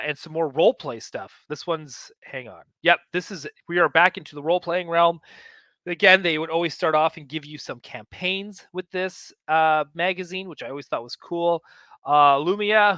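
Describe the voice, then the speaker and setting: A man's voice: a little high, pushed and bright, no room sound. A man hosting a casual talk show, chatting enthusiastically and rambling with many fillers as he flips through a magazine. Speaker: host of a collecting show.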